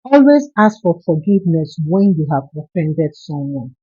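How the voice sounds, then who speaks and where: A woman's voice: deep voice, very animated, moderate pace, warm tone, husky, highs cut off. A woman narrating a folktale in an earnest, moralizing way. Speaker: storyteller.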